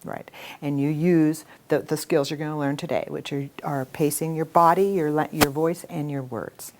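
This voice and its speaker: A middle-aged woman runs an interactive workshop. Her voice sits a little low, and she speaks expressively, with easy laughter between points. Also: normal speed. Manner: expressive, animated, talks with laughs. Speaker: workshop trainer.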